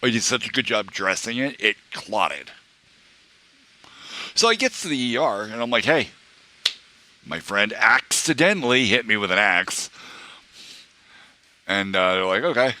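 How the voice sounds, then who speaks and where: A young male streamer tells a rambling story to his chat, full of fillers, restarts and acted-out quotes from other people. His voice sits very low yet comes across bright and forceful. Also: lively intonation, unhurried, long pauses.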